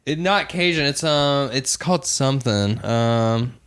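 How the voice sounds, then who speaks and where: A man's voice: mid-range voice, lively intonation, unhurried, a bit bright, clean tone. Hesitant man podcast co-host. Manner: hesitant, searches for words. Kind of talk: casual chat.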